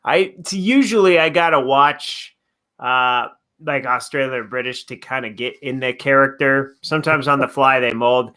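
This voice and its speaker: A man's voice: mid-range voice, normal speed, pushed and bright, clean tone. A man co-hosting a radio talk show, chatting casually and cracking jokes. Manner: easygoing, wisecracking. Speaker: radio co-host. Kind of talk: casual banter.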